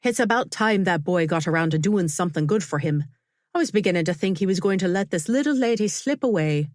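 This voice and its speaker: Woman putting on older Irish aunt, thick brogue, teasing, motherly, a bit higher voice, dry recording. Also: lively intonation, fairly quick, a little mellow, dry recording, lightly acted.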